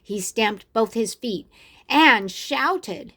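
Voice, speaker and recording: An older woman reads a picture book aloud to children in a high, very animated voice, at an unhurried pace. She is expressive and often stops to ask her young listener questions. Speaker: storyteller.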